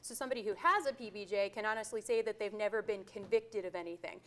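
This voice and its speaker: A woman lawyer speaks quickly and clearly in a courtroom, laying out a legal process for students. Her voice sits at a middle pitch. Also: fairly bright tone. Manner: brisk and clear. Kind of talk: explaining legal terms.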